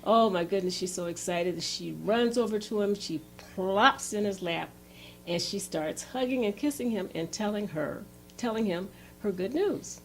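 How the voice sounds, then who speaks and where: A woman leads a relationship workshop and narrates an example story with lively energy. Her voice is mid-pitched. A faint hum of background noise runs underneath. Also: moderate pace. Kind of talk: storytelling lecture.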